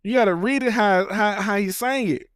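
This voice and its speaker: High-voiced man teasing his co-host. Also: normal speed, fairly bright tone, smooth, no echo. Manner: teasing, insistent, laughing. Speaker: podcast co-host. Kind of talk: casual chat.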